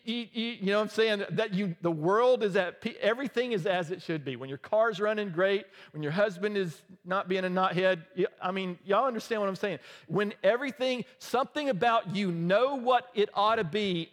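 A man preaching a sermon in a casual, joking, conversational way, with quick asides to the congregation. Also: sits high, a bit bright, long reverb tail. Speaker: pastor.

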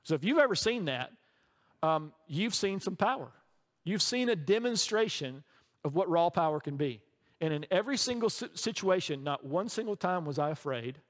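Man, middle-aged, pastor, sermon, conversational storyteller, somewhat high voice, long hall echo. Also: animated, normal speed. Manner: conversational storytelling, often checks in with "right?". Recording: long reverb from a large hall.

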